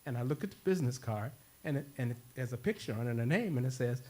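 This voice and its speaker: A man at a community worship gathering telling a story, animated and laughing, acting out both sides of a conversation. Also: mid-range voice, fast, very noisy. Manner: animated, laughing, acts out dialogue. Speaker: worship speaker. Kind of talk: storytelling talk to a congregation.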